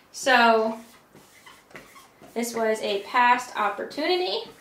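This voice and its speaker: Bright-voiced woman teaching English grammar. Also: fairly high pitch, roomy sound. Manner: patient, explains step by step with examples. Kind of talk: explaining grammar in a lesson.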